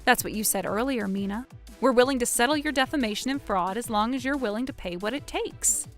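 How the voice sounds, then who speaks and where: A woman voicing a calm, firm young wife in an animated story, speaking steadily. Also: fairly high pitch, a little fast, faint music behind, close to an everyday voice. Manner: steady, matter-of-fact. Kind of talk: animated story narration and dialogue.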